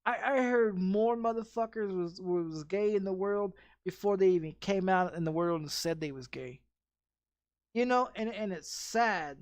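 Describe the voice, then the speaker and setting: Ranting casually as he streams a game, this gaming streamer has a high voice and speaks a little slowly. He's profane and rambling, constantly restarting and repeating his sentences, with no echo in the audio.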